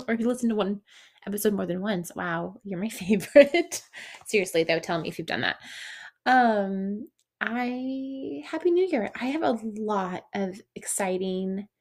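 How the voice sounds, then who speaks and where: A woman's voice: medium pitch, a little mellow. Chatty upbeat woman podcast host. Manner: chatty and upbeat, with quick laughs and self-interruptions. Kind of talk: casual podcast chat.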